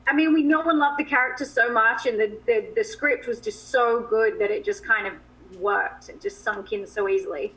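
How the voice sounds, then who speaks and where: A woman talking as an actress guest in a TV interview, chatty and quick to laugh. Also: a little high, fairly bright tone, low-quality recording. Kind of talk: TV interview chat.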